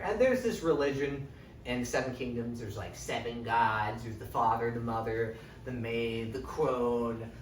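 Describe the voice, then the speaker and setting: A man's voice: medium pitch, fairly bright tone, echoey room. Young man, casual profane recap, distant mic, faint hiss. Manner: chatty, profane, keeps tagging "right?". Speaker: lecturer recapping a book series. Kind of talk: casual, rambling spoken recap.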